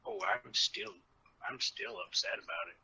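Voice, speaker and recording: A man playing a tabletop game, answering slowly in short replies, a bit away from the mic. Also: bright, forceful tone, low-quality recording. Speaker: player.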